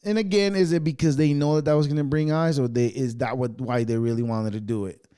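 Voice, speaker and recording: A man's voice: medium pitch, steady tone, brisk, mellow, smooth. A man hosting a podcast, ranting casually in a profane, rambling way. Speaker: podcast host.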